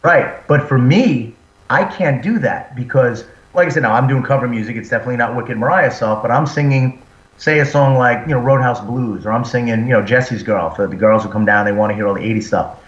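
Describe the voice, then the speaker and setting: A man in the middle pitch range tells lively stories about his singing, acting out what others said. His voice arrives muffled and roomy, as if caught far from the mic over a remote link. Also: fairly quick. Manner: animated storyteller, acts out quotes. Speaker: band singer and frontman, guest. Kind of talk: casual interview chat. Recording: roomy, dull lo-fi sound.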